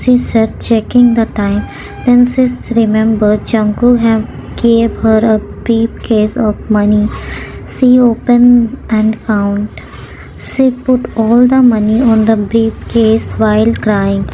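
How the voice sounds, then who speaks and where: A woman reading her own fan fiction aloud as a storybook narration, steady and unhurried. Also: on the high side, soft background music, poor audio.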